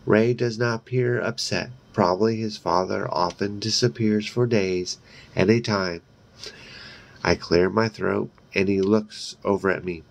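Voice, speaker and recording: Slow, gravelly male reader. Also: lowish voice, steady tone. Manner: slow, deliberate reading with brief asides. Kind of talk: reading a horror novel aloud.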